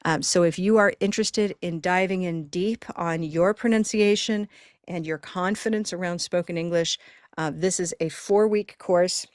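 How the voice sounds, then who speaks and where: A woman with a lowish voice leads a live online pronunciation class in an upbeat, encouraging, chatty way. She speaks through a computer microphone in a very dry, close sound. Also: normal speed, no echo. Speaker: pronunciation teacher hosting a live online session.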